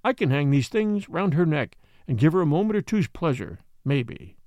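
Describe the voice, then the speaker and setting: A hard, grim old millionaire father laying down the law to his daughter in an audiobook, voiced by a man reading. His tone is blunt and low for the reader, yet still lively in pitch. The sound is dry and close. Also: moderate pace, dry recording, close to an everyday voice. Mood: rueful.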